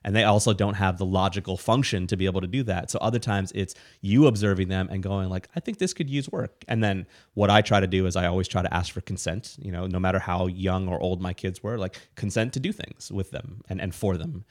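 A middle-aged man co-hosting a casual podcast, explaining ideas in a rambling, animated way with frequent restarts. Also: sits low, fairly quick, few pauses, no room sound, clean studio sound. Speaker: podcast co-host, parent.

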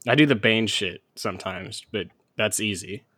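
A man's voice: fairly low pitch, moderate pace, bright, forceful tone. A man hosting a casual podcast chat with friends, laughing often and swearing freely. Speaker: podcast host.

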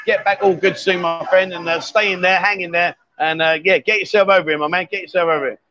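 A man's voice: high-pitched, steady tone, quick pace, sharp tone, highs cut off, a little hiss or hum. A man hosting a casual live stream from a busy bar, joking and reading viewer comments aloud. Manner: chatty, jokey, reads viewer comments aloud.

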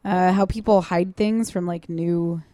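A woman's voice: fairly low pitch, steady tone, measured pace, warm tone, no echo, studio quality. A woman hosting a podcast in casual, joking chat, laughing often and trailing off mid-thought. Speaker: podcast host.

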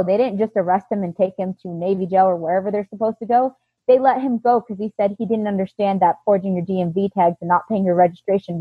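A woman's voice: medium pitch, husky, no room sound. A woman in her thirties, telling her own story in casual talk and acting out the quoted dialogue with animation. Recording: dry, tinny phone-like line.

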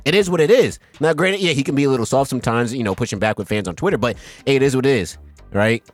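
A man's voice: mid-range voice, lively intonation, quick pace. Emphatic, profane male podcast host. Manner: emphatic, profane, keeps asking "right?". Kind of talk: heated sports podcast rant.

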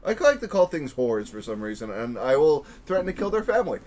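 A man co-hosting a podcast in casual chat, blunt and swearing, animated in delivery. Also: a little high, fairly quick. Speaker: podcast co-host.

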